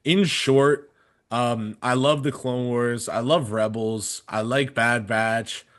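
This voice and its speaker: A man's voice: medium pitch, steady tone, takes it slowly, fairly bright tone. A man in his twenties casually telling a story on a podcast, rambling with many fillers and restarts. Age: 20s. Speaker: podcast panelist.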